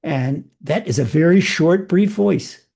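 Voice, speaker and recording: A man with a fairly high voice and a gravelly rasp that runs through his speech, with a mellow rather than bright tone. He preaches as a rabbi in an earnest spiritual sermon. He often repeats key phrases for emphasis. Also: expressive, measured pace.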